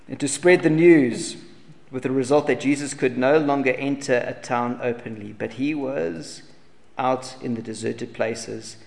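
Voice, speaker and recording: A man preaching a sermon in earnest, pressing rhetorical questions and swinging between loud emphasis and hushed lines. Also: mid-range voice, gravelly. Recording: long hall reverb, faint noise.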